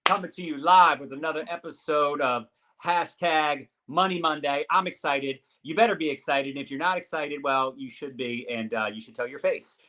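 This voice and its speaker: A man hosts a live-streamed interview from a video call, full of motivational hype and cheer. His voice sits a little high and rings bright and forceful. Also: normal speed, few pauses. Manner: upbeat, hyped-up motivational. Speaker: host.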